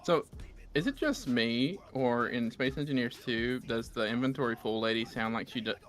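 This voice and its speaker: This is a mid-range, fairly bright male voice at a moderate pace, backed by faint music. The speaker, a Southern US streamer, hosts a casual gaming stream where he reads chat, chats, and tells rambling stories.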